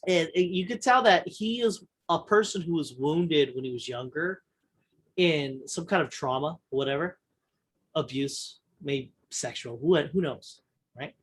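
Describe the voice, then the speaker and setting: A male podcast host with a voice pitched a little above the usual, talking loosely and bluntly. He rambles through his story, doubling back and restarting his sentences and swearing freely in casual chat. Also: animated, unhurried, slightly rough. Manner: profane and blunt.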